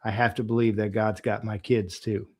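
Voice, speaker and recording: A man's voice: fairly low pitch, little pitch movement, normal speed. A man hosting a podcast interview, chatting casually with his guest and chuckling while he talks. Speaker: podcast host.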